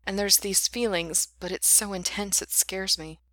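A woman's voice: medium pitch, steady tone, moderate pace, no room sound, natural voice. A woman voicing a hesitant, anxious young man in a story she reads aloud. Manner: hesitant, quiet, flustered.

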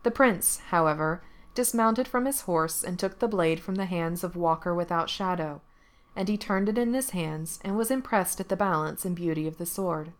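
A woman storyteller reading a fairy tale aloud in a calm, measured way. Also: lowish voice. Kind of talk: storybook narration.

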